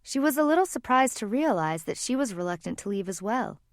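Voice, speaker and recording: A woman narrating a fantasy audiobook in a calm, even storytelling manner. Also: on the high side, a little fast, dry recording, studio quality. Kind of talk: scripted narration.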